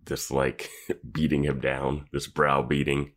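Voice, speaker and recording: A man co-hosting a podcast in relaxed chat, chuckling while he nitpicks. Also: very deep voice, slow pace. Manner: laid-back, chuckles and nitpicks. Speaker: podcast co-host. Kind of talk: casual recap chat.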